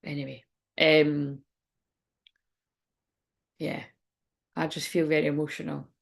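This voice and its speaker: A woman's voice: low-pitched, level tone, slow pace, creaky. A woman speaking as a spiritual reader in a rambling, frank livestream chat, swearing now and then.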